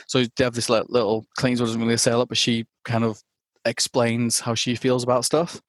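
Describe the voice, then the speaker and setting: A man talks through a film on a podcast in a relaxed, halting way, restarting his sentences and laughing lightly as he goes. His voice sits at an ordinary middle pitch. The sound is dry and close, with no room around it. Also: no echo. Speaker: podcast guest. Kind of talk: casual film discussion.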